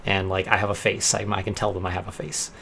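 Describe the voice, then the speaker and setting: A young man vlogging casually, telling an anecdote and acting out quoted lines with lively bursts. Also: sits low, fast, creaky, slight background noise. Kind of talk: casual storytelling vlog.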